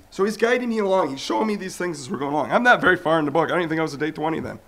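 A man in his forties telling a personal faith story, animated and acting out the voices of people he quotes. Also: racing, few pauses. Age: 40s. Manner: animated storyteller who acts out quoted voices with big pitch jumps. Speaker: speaker sharing a personal testimony. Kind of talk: storytelling testimony talk.

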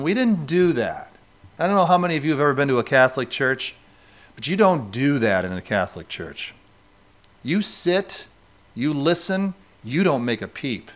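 A man's voice: medium pitch, fairly bright tone. A man from New York State preaching a sermon, talking conversationally and asking the congregation rhetorical questions. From New York State, USA. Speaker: pastor.

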